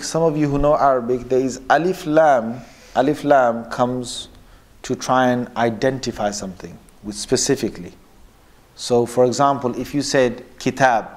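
A man teaching a religious lesson who quotes Arabic passages and then explains them in English, pausing often and correcting himself as he goes. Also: medium pitch. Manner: pauses often, with fillers and self-corrections. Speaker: Islamic teacher. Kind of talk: lecture on religious texts.

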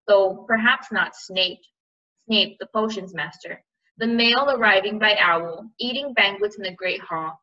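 A woman's voice: mid-range voice, pushed and bright, recorded from a distance, dull audio. A woman teacher reading a novel aloud and explaining its figurative language, checking in with "right?".

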